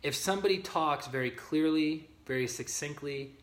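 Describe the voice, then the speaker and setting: Leading a group in an informal livestream teaching, a spiritual teacher reads aloud from a book in a slightly high voice at a moderate pace. His conversational manner includes greeting viewers by name and checking in with "okay?" and "right?", all in a roomy echo.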